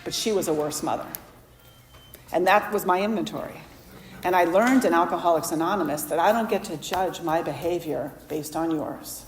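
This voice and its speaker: A woman's voice: fairly low pitch, moderate pace, a little hiss or hum. A woman speaker at a recovery meeting, telling her story candidly and self-deprecatingly, acting out the voices of people in it. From Florida. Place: meeting hall. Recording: echoey hall recording.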